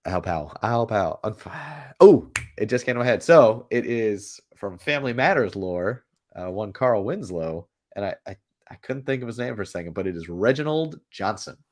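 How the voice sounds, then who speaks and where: A man co-hosting a casual podcast, animated and quick to laugh. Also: lowish voice. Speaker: podcast co-host. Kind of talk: casual chat.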